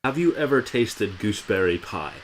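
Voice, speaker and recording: A man's voice: fairly low pitch, expressive, moderate pace, a little hiss or hum, poor audio. A man co-hosting a podcast, chatting casually about an old film in a wry, amused way. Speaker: podcast co-host.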